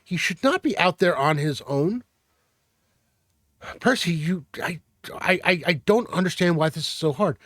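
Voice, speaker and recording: A man puts on an impatient young woman squire in a tabletop role-play. She talks quickly, with an exasperated edge, in a lifted pitch. The recording is dry and close. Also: lively intonation, a bit bright, no room sound.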